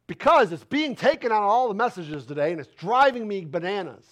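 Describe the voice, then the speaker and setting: A man preaches fervently from the church sanctuary, his high voice full of lively intonation at a fairly quick pace. He poses rhetorical questions in relaxed, homespun wording and climbs toward loud, forceful proclamations.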